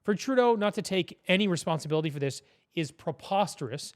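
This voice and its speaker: Opinionated male podcast guest, rapid, blunt delivery, bright high register. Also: animated. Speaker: podcast guest, business owner. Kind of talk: casual political chat.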